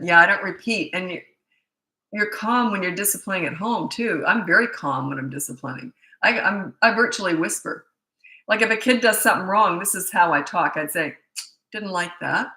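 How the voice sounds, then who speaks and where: In an echoing room, a middle-aged woman parenting coach takes questions live. She speaks in a lowish, very bright voice, and her manner is chatty, frank and blunt.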